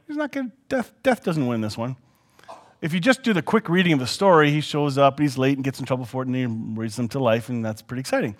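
Chatty male pastor, reads the passage and jokes along the way, fairly high and expressive. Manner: animated, chatty, jokey storyteller. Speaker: pastor teaching a Bible lesson. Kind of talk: reading scripture aloud with casual asides.

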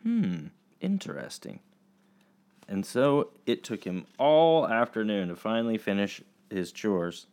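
A man teaching children, telling a story in a chatty, halting way full of fillers. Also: lowish voice, expressive, darkish tone, clean tone.

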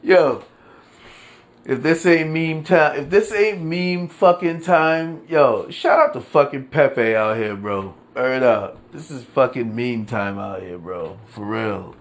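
A man hosting his own podcast, ranting in casual commentary, full of street slang, swearing and frequent laughter. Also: medium pitch. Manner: animated, laughs often, swears freely; New York street slang. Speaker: podcast host.

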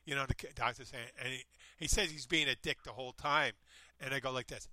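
A man with a very bright, forceful voice rambles through a story, stopping and starting as he goes. The sound is dry and close. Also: medium pitch, fast talker, no echo. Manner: meandering, self-interrupting, animated retelling. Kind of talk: casual chat, rambling storytelling.

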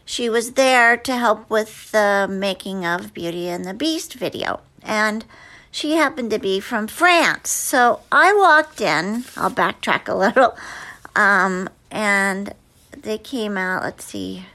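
A woman's voice: mid-range voice, slow, sharp tone. A woman actress answering interview questions in a chatty, hesitant way with many fillers and restarts. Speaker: actress guest.

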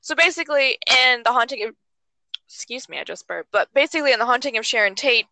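A young woman chatting casually about a movie, animated and swearing freely, sometimes jumping into high squeaky voices to act out characters. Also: fast talker, creaky, dry recording, low-quality recording. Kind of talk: casual chat.

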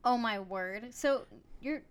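A woman's voice: a little high, slow pace, smooth. A woman hosting a podcast, chatting casually with a playful, teasing, giggly manner. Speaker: podcast host. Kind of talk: casual chat.

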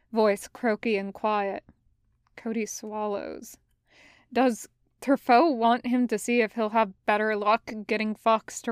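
A woman reading a fan fiction story aloud as narrator, in a measured, even way, close to the mic. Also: fairly high pitch, clean tone, no room sound. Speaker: podfic reader.

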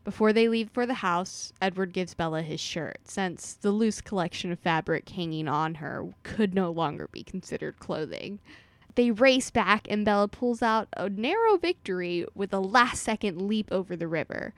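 A woman's voice: mid-range voice, animated, no echo. A woman co-hosting a podcast, reading chapter summaries and laughing through casual chat. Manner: slow, giggly, reads summaries. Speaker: podcast co-host.

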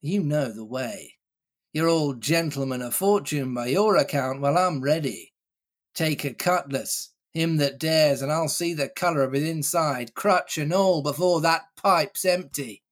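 A man voicing a gruff old one-legged pirate cook who makes blustering, drawn-out threats. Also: a little high. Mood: menacing.

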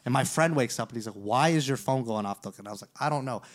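A man's voice: mid-range voice, quick pace. A man hosting a podcast, telling a story in casual, profane chat and acting out the quoted lines. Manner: profane, animated, acts out quoted dialogue. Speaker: podcast host.

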